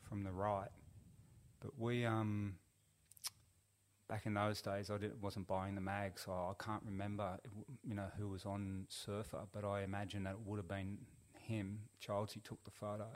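A man's voice: fairly low pitch, little pitch movement, normal speed. Laid-back man telling a story. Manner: rambling, laid-back, lots of fillers. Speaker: podcast guest. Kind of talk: casual storytelling.

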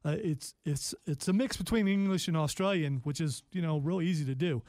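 Male radio co-host, easygoing and self-deprecating, slightly high voice, dry close mic. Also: a little fast, hardly any pauses, darkish tone, no echo. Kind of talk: casual radio banter.

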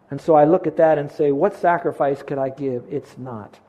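A man's voice: fairly high pitch, moderate pace, few pauses, warm tone, dull audio. A man giving an earnest, direct sermon as a pastor, often posing questions to his listeners.

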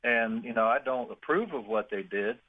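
A man caller comes through over a narrow, tinny phone line, with a medium-pitched voice. He hesitates often and leans heavily on fillers. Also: moderate pace. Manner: hesitant, full of "you know". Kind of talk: call-in radio chat.

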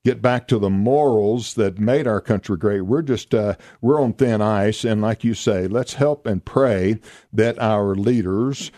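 An older man hosts a radio talk show in a folksy, rambling way, full of restarts and repeated yeps. His voice sits low and sounds dry and close to the mic. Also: a little slow, dark tone, no echo. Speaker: radio host. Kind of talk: casual chat.

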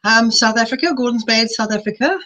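A middle-aged woman giving a live webinar talk, chatty and personal, sometimes piling up quick lists. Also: fairly high pitch, sharp tone, rough recording. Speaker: webinar presenter. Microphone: streaming live.

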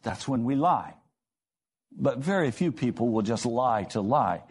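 A man preaching a sermon, telling stories and acting out the voices in them with lively rises in pitch. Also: measured pace, husky. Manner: storytelling, acting out quoted dialogue with rising pitch.

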